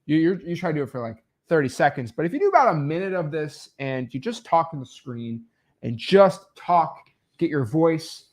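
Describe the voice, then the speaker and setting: A man's voice: fairly high pitch, big pitch swings, normal speed. A young man coaching wholesaling in a loose, rambling tutorial, full of fillers and restarts. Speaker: real estate wholesaling coach. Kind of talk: casual screen-recorded tutorial.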